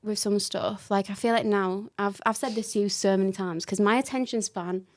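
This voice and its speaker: A chatty woman talks easily as a podcast guest, self-deprecating and quick to laugh. Her voice sits at an ordinary middle pitch. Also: fairly even intonation. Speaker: podcast guest, digital marketing manager. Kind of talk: casual podcast chat.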